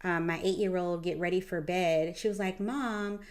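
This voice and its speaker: A woman's voice: lowish voice, level tone, a little fast. Earnest woman podcast host, reflective. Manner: earnest, reflective, hesitant with fillers. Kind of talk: heartfelt conversational interview.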